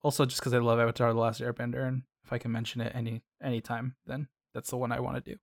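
A man co-hosting a podcast, chatting in an animated, playful way with lots of "like" fillers. His voice sits at a middling pitch. The sound is dry and close, with no room echo. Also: fast, vocal fry. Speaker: podcast co-host. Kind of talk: casual chat.

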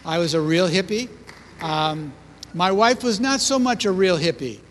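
A man's voice: high voice, expressive, normal speed, fairly bright tone, big-room sound, a little hiss or hum. An older man telling his testimony in a sermon, with humor, to a congregation. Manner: storytelling, self-deprecating humor. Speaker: preacher.

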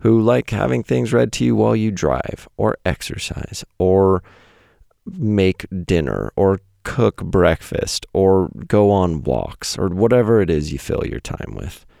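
A man's voice: animated, a little slow, warm tone, dry recording, clean studio sound. A man in his thirties reading his own essay to listeners in a casual, wry, self-deprecating way, with blunt asides. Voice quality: very deep gravelly voice. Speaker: podcast host reading his weekly writing.

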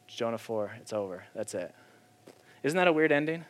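A man's voice: mid-range voice, lively intonation, normal speed. Man preaching in casual, emphatic bursts. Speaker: pastor. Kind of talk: conversational sermon.

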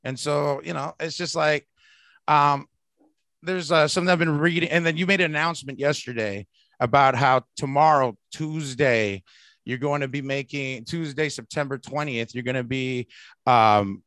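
A man hosting a podcast in casual chat, rambling and profane, laughing loudly. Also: medium pitch, moderate pace, no echo. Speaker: podcast host.

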